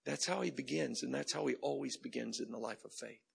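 A man's voice: medium pitch, fairly quick, creaky, breathy edge. A male preacher giving a sermon in a conversational, humorous way, repeating phrases for emphasis.

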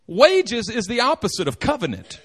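Animated, joking male preacher with a high voice. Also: moderate pace, breathy edge. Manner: animated and joking, acting out quotes. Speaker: pastor. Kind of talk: sermon.

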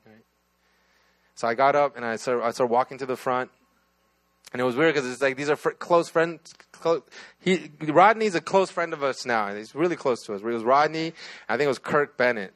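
A man's voice: medium pitch, a little fast, fairly bright tone. A man, a pastor, telling his own testimony in a sermon, talking casually with many restarts and "right?" asides.

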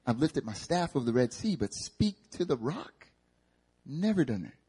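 Brief: preacher playing a stubborn old Moses, incredulous and slangy, husky tone. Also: male voice, mid-range voice, very animated, moderate pace, mellow. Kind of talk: sermon.

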